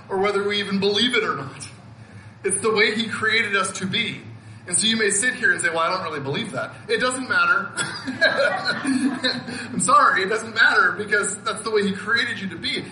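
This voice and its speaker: A man's voice: sits high, normal speed, sharp tone, echoey room, a little hiss or hum, rough recording. A man in his fifties preaching a sermon, earnest and emotional, often laughing and repeating words as he speaks. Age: 50s. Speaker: pastor.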